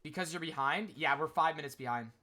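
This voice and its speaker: A man's voice: a little high, fairly quick, sharp tone. A man streaming casually and talking to his chat, rambling with lots of "like" fillers. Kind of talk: casual livestream chat commentary.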